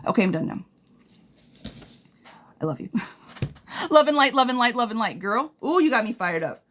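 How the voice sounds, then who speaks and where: A fairly high-voiced woman reads tarot on a live stream. She talks straight to her viewers, blunt and profane, and swings between tough love and reassurance. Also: very animated, moderate pace, a bit bright. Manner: blunt, profane, impassioned advice. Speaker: tarot reader.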